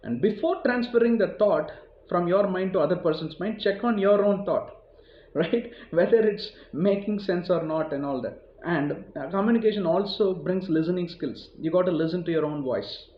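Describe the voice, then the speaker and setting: A man's voice: sits high, moderate pace, slight background noise. Indian man, motivational speaker, rambling chatty delivery, dull lo-fi sound. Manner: rambling, conversational, heavy use of "you know" and repetition. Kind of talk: motivational talk. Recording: roomy, dull lo-fi recording.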